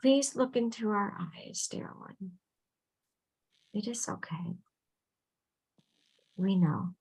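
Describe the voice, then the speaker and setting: A woman channeling on a video call, speaking slowly and soothingly as a collective "we", sometimes dropping to a hushed whisper. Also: medium pitch, lively intonation, slight background noise, poor audio. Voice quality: creaky, husky, drifting into soft whispers. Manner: slow, soothing, speaks as a collective "we", often murmurs "dear one". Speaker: channel giving intuitive readings.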